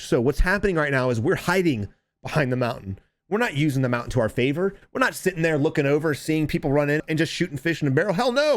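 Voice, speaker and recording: A man coaching viewers over game footage, deliberately dramatic and emphatic, talking straight to his audience. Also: on the high side, no echo. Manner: addresses viewers and chat directly. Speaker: gaming coach commentator. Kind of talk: gameplay commentary and tips.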